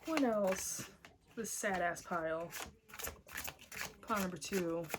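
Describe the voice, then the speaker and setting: A woman giving a casual tarot reading in a blunt, excitable way, cursing often. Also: fairly low pitch, takes it slowly, noisy background. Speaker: tarot reader.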